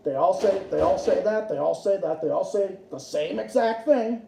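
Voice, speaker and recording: A high-voiced man tears into his targets on a solo livestream, swearing constantly and circling back to the same lines. His tone is mellow and soft-edged, and the room around him is echoey. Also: moderate pace, vocal fry, a little hiss or hum. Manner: angry, profane, repeats himself. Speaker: livestream host. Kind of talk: solo political rant stream.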